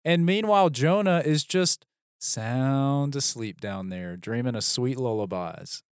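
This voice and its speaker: A man's voice: mid-range voice, unhurried, clean tone, dry recording. Dry-voiced man retelling a Bible story. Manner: animated storytelling, acts out characters' lines. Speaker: podcast co-host. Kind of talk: casual Bible discussion.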